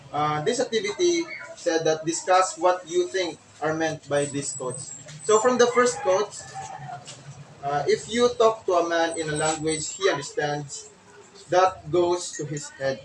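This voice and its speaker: A young man with a Filipino accent giving a class report, explaining each point slowly with examples and many fillers. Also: fairly high pitch. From Philippines. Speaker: student reporter. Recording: roomy, from far off, faint noise.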